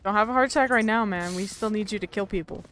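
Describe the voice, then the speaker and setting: A young woman streaming a shooter game, chatting casually with teammates, excitable and quick to laugh and swear. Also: mid-range voice, a little hiss or hum. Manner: excitable, laughs often, swears while playing. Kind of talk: casual gaming chat. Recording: game music underneath.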